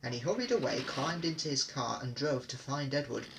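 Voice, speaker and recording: A man reading children's railway stories aloud in steady, clear narration. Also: mid-range voice, a little fast, background noise. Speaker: reader. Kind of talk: storybook reading.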